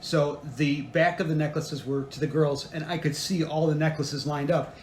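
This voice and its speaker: A man's voice: on the high side, fairly even intonation, roomy sound, slight background noise. A man sitting in as co-host and talking in a casual, earnest way, often stopping to restart his sentences. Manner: earnest, grateful, halting with restarts. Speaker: co-host, husband. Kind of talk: casual conversation.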